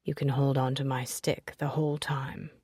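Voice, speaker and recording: A woman voicing a charming young prince who speaks low, soft and half-whispered. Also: fairly even intonation, a little slow, dry recording, clean studio sound, lightly acted. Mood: tender.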